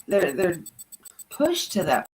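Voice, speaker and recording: A woman's voice: fairly low pitch, huge pitch swings, slow, a little hiss or hum, poor audio. A woman chatting casually as a streamer, rambling and swearing freely. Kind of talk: casual chat.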